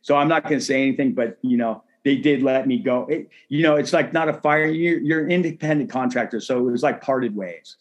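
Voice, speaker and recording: A man's voice: mid-range voice, a little fast, hardly any pauses, highs cut off. A man, talking as a guest in a casual interview. He rambles, swears often, leans on the filler "like" and stays indignant throughout. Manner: profane, rambling, filler-heavy "like" talk; heated, indignant. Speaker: podcast guest.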